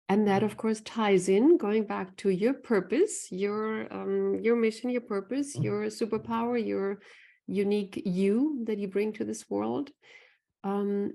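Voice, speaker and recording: A woman with a gravelly, fry-tinged voice at an ordinary pitch talks earnestly to a live online audience. She repeats her points and checks in with "right?" as she goes. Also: warm tone. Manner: earnest, repeats phrases, often asks "right?". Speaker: animal communicator. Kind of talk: live online talk with chat.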